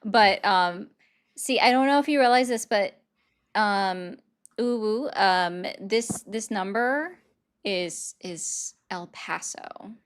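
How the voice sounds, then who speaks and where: A woman hosting a casual live-stream chat, talking in a chatty, sarcastic way with quick asides. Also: medium pitch. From United States. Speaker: host.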